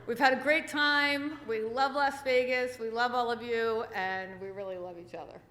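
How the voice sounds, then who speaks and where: A woman giving a chatty, halting speech at an awards dinner, with plenty of fillers and small laughs. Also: a little high, a bit bright. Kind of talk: nervous, chatty acceptance speech. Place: banquet hall at an awards dinner. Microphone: podium microphone. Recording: echoey banquet hall with faint noise.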